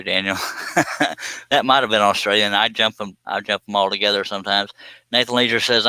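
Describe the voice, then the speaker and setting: A man with a low, very sharp and tense voice chats casually on his live stream, reading viewer comments and cracking jokes. His tone is smooth and clean, recorded close and dry with no room sound. He teases his viewers and laughs easily. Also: steady tone, a little fast, no room sound. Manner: joking, teasing, laughs often. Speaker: woodworking live stream host.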